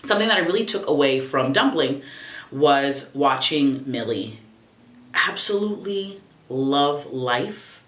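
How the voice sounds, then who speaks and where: A young adult woman vlogging casually at home, expressive, profane and sassy. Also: rumbling low, measured pace, reverberant. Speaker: YouTuber. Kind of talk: casual reflective vlog.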